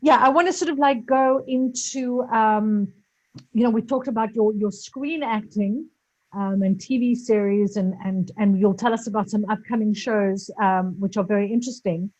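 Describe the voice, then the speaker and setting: A woman's voice: medium pitch, moderate pace, darkish tone. A woman hosting an interview, encouraging her guest and hesitating with many ums. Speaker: interview host. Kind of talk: casual interview chat. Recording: muffled lo-fi audio.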